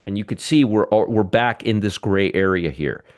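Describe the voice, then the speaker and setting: A middle-aged man with a fairly low voice hosts a live stock market show. He talks straight to his viewers, cracks jokes and gets worked up over good numbers. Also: moderate pace. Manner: excitable, joking, talks to viewers directly.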